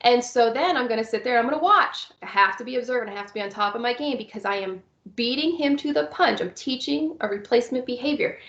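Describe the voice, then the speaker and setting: A woman's voice: on the high side, animated, quick pace, fairly bright tone, echoey room, dull audio. A woman teaching about young children with visual impairments, explaining step by step in a recorded presentation. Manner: explains step by step, acts out cheerful teacher lines.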